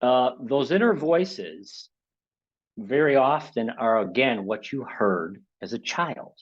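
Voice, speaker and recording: A man's voice: mid-range voice, animated, takes it slowly, lo-fi sound. A man presenting a motivational webinar in a conversational way, often checking in with his listeners and acting out inner voices in a raised tone. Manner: conversational, keeps checking in with "okay?" and "right?".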